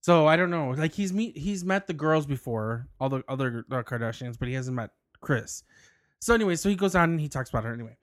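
A male podcast co-host with a slightly high voice and lively intonation talks fast as he rambles through a story, full of laughs and restarts. It's a casual chat, recorded dry and clean in an indoor studio.

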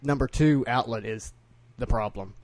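A man's voice: mid-range voice, darkish tone, no room sound. A man with a Southern US accent, co-hosting a casual chat show and trading jokes. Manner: joking, teasing, quick banter. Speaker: podcast co-host.

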